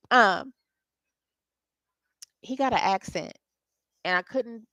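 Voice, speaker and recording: A woman with a slightly high, somewhat bright voice and no room sound hosts a casual spirit channeling livestream as a psychic reader. She chats and laughs with her viewers.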